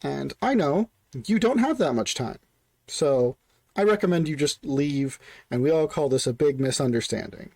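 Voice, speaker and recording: A man's voice: a little high, lively intonation, moderate pace, gravelly, a little mellow, dry recording, clean studio sound. A man voicing a sly bald human swindler who talks smugly and confidently. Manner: smug, confident.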